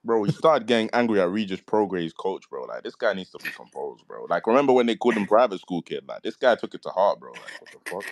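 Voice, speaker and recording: A man in casual chat as a co-host, talking fast and animated, tagging "bro" onto his lines. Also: low voice, no echo.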